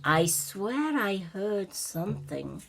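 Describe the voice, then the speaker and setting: A woman's voice: mid-range voice, very animated, slow pace, vocal fry, music in the background, exaggerated voice. An older woman voicing a commanding, suspicious fairy queen in a children's story.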